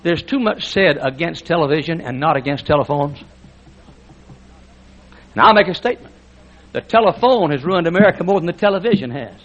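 A man preaching a fiery church sermon, swinging between shouted lines and hushed speech with emphatic repetition. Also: a little high, lively intonation, brisk, long pauses, highs cut off. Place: church sanctuary before a congregation.

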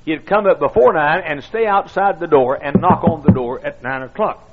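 A man's voice: a little high, normal speed, phone-quality sound. An older man, a pastor, telling stories in a folksy, self-deprecating sermon with many fillers and restarts. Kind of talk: storytelling sermon.

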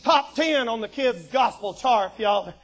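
A man preaching an animated storytelling sermon and acting out the scenes. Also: extremely high pitch, a little slow, soft background music.

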